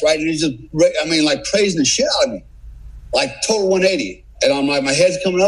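Husky-voiced man telling a war story. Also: fairly high pitch, quick pace, low-quality recording. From United States. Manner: animated, swearing, acts out quotes. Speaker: podcast guest, former special forces operator. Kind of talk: casual storytelling.

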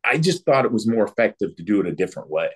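Husky low-voiced man telling a war story. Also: very animated. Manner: brisk anecdotal storytelling, acting out quoted exchanges. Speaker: guest, former military interrogator. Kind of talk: storytelling interview.

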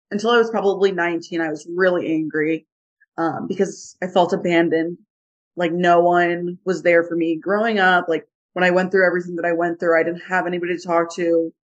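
A woman's voice: lowish voice, steady tone, a little fast. A woman in her twenties co-hosting a podcast, speaking bluntly and frankly about her past. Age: 20s. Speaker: podcast co-host. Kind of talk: candid personal podcast chat. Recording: dull lo-fi sound.

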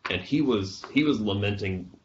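A man's voice: lowish voice, lively intonation, moderate pace, muffled recording, slight background noise. A man co-hosting a podcast in casual chat, talking things through with fillers and restarts. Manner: conversational, reads a quote aloud with fillers. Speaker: podcast co-host.

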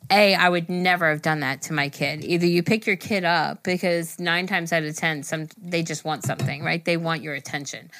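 A woman's voice: low-pitched, steady tone, normal speed, few pauses, fairly bright tone, no echo. A woman in her thirties co-hosting a casual podcast, talking frankly about her kids and swearing freely. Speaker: podcast co-host.

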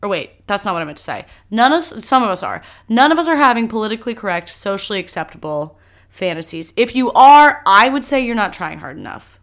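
A young woman hosting a solo podcast, talking candidly and animatedly, her voice swinging between loud bursts and soft asides. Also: mid-range voice, big pitch swings, a little fast. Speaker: podcast host.

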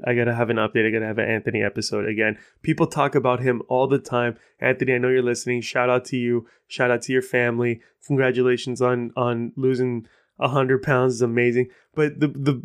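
A man's voice: mid-range voice, smooth. A man hosting his own podcast, talking casually in a rambling, self-deprecating way. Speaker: podcast host. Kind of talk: casual solo podcast talk.

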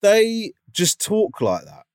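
A man's voice: high voice, huge pitch swings, takes it slowly, darkish tone, smooth, no echo, studio quality. A man co-hosting a podcast, telling a story in a rambling, chatty way and often asking "do you know what I mean". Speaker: podcast co-host. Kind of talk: casual chat.

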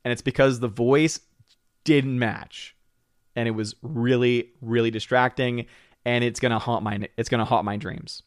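A man hosting a live stream, chatting casually with viewers in an excitable way and often repeating words as he hurries on. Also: medium pitch, no room sound, studio quality. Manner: excitable, repeats words while rushing to the point. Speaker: live stream host reading viewer chats.

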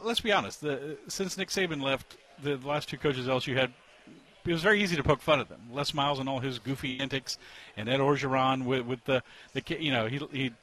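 A man's voice: mid-range voice, fairly bright tone. Man giving candid sports opinions. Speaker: sports columnist. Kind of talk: casual conversation as a guest.

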